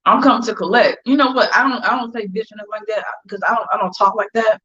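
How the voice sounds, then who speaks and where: A woman's voice: medium pitch, fast talker, fairly bright tone, husky. A woman telling a story in casual chat on a livestream, blunt and profane. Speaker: guest. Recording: dull lo-fi livestream audio.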